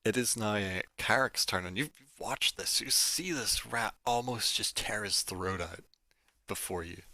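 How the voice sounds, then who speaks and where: A man running a tabletop game, his voice bright and forceful. He narrates in a loose, casual way full of "like" and quick restarts. The sound is close and dry, with no room echo. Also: fairly low pitch. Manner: casual, filler-heavy narration with frequent "like". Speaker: game master.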